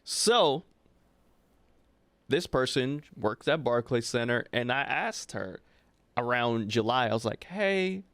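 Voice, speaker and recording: A man's voice: mid-range voice, slow pace, long pauses, no echo. Chatty young New man telling a story. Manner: animated, chatty, frequent "right?" asides to his co-host. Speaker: podcast co-host. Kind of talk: casual storytelling chat.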